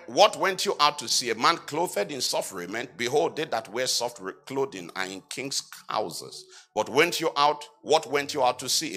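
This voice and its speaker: Reading scripture aloud in old-fashioned language, this apostle speaks slowly and emphatically from a church pulpit. He peppers the congregation with rhetorical questions, then answers each one, his voice rising into loud, high-pitched urging.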